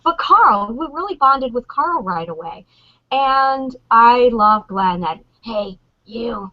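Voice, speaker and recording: A woman on a convention panel, chatting excitedly and acting out lines from scenes. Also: on the high side, takes it slowly, muffled recording. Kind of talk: animated fan chat.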